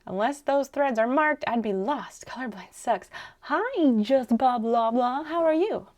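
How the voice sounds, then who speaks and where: A woman's voice: sits high, animated, a little slow, darkish tone. A woman streaming live while she crafts, musing aloud as she works and answering her viewers' chat in a casual way.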